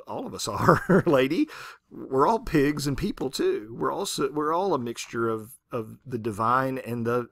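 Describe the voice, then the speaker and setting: A man's voice: medium pitch, dry recording. A man lecturing on literature in a conversational way, often checking in with the class and acting out quotes. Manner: conversational, keeps asking the class "right?"; animated, acts out quotes. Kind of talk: recorded university lecture.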